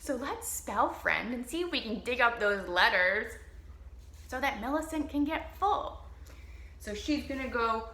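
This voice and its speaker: A woman librarian with a New Orleans accent reads to young children, slow and encouraging. Her bright voice swoops up and down with lively energy, and it rings in a roomy, echoing space. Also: on the high side. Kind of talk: children's storytime reading. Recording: roomy echo.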